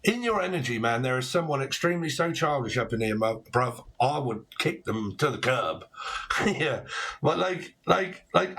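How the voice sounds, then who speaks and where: A man's voice: mid-range voice, big pitch swings, normal speed, a bit bright, slightly rough. A man in his forties giving a casual tarot reading, rambling with puns and frequent swearing. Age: 40s. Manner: rambling, punning, swearing freely. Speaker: tarot reader.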